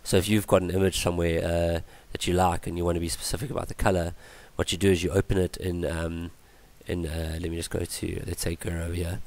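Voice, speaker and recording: A man presents a screen-recorded coding tutorial in a low, flat voice that's going hoarse from illness. He speaks haltingly, with many ums and restarts.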